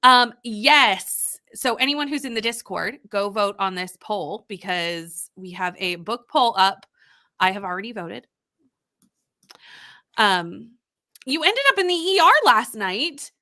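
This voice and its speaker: A woman's voice: mid-range voice, animated, slow pace, bright, forceful tone. A young woman hosting a casual reading livestream, chatting and greeting viewers by name as she reads their comments.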